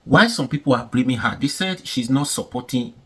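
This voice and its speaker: A husky-voiced man talks straight to his audience at a middling pitch. He argues in loose, repetitive bursts and keeps firing rhetorical questions. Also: expressive, brisk, a bit bright. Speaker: commentator. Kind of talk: casual commentary.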